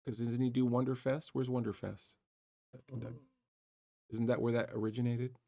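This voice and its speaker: Gravelly male horror host, casual, halting livestream banter. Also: medium pitch, flat delivery, mellow, dry recording. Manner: rambling, searching for words. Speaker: horror movie show host.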